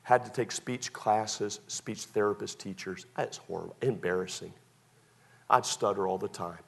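A male pastor preaching a sermon through personal stories, swinging between loud excited bursts and hushed confessions. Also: on the low side, normal speed, creaky, slightly rough.

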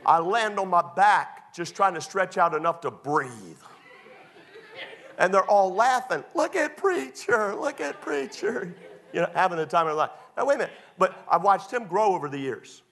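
High-voiced preacher, man, animated. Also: normal speed. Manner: animated preaching, rising to emphatic shouts; folksy storytelling with humor. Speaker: pastor. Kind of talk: sermon.

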